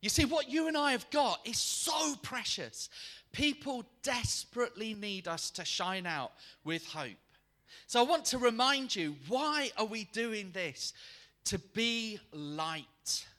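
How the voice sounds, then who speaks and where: Man, preacher, animated storytelling sermon, very bright voice, swinging pitch. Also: slow. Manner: animated, acts out quoted voices. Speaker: guest preacher.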